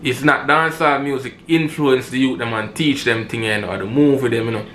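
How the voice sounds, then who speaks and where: A man's voice: medium pitch, fairly quick, a bit bright, slight background noise. A man with a Jamaican accent, giving heated commentary in patois and repeating himself for emphasis. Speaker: commentator reacting to robbery footage.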